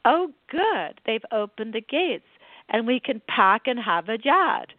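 A woman's voice: on the high side, big pitch swings, a little slow, dry recording, voice pushed up. A woman imitating her late mother, an older woman with a thick Boston accent, over a phone line. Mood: cheerful.

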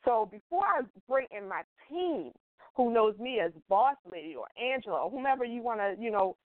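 A woman's voice: a little high, sing-song, fairly quick, dry recording. A middle-aged woman hosting a casual interview show, chatty and emotional, rambling and laughing often. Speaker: show host and salon owner. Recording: tinny phone-line call audio.

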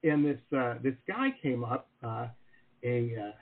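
A chatty male talk show host from Detroit, swinging his voice up and down as he tells a story. His voice is slightly husky and he laughs often. The sound is thin and phone-like, as if over a video call. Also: medium pitch, lively intonation, unhurried. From Detroit, USA. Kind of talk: casual interview chat.

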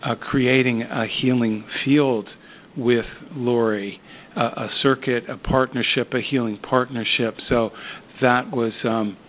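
Psychiatrist guy talking real slow and thoughtful, lots of ums, sounds like a phone line. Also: medium pitch, fairly even intonation, a little hiss or hum. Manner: slow, thoughtful, with many pauses and fillers. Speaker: psychiatrist guest. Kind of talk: reflective interview talk.

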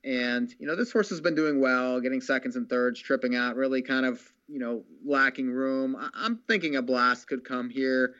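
A man handicapping a harness race, laying out his analysis in a measured way with many fillers. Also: medium pitch, a bit bright, smooth, highs cut off. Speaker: racing handicapper. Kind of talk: horse racing handicapping talk.

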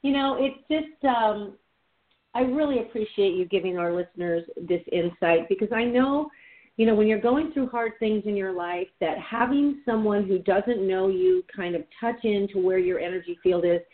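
A woman's voice: medium pitch, moderate pace. Gushing woman radio host, phone-thin. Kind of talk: hosting a call-in show. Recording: phone-line sound.

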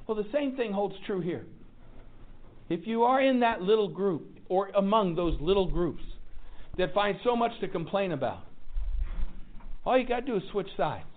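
A man's voice: high-pitched, expressive, normal speed, pauses often. A man hosting a recovery group, giving an impassioned, preacherly motivational talk. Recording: tinny phone-like sound.

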